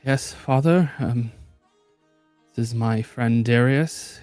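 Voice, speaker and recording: A man voicing a timid, quiet young human, hesitant and full of ums. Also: mid-range voice, slow, no room sound, soft background music, close to an everyday voice. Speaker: player.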